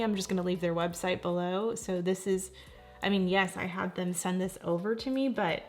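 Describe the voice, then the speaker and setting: A woman in her forties chats through a casual makeup review. Her voice sits at a middle pitch, and she talks in a gushing, effusive way, full of quick exclamations of delight. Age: 40s. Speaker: beauty vlogger.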